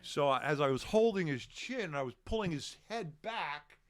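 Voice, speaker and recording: A middle-aged man spins a casual, profane story on a podcast, acting out the shouts and quotes of the people in it. His voice sits fairly high for a man. The sound is dry, with no room echo. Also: expressive, moderate pace.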